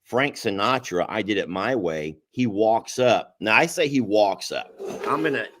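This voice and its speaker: A man's voice: unhurried, a little hiss or hum. A man co-hosting a casual chat show, telling a story with a lot of energy. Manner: animated storyteller, pitch jumping up when excited. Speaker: podcast co-host.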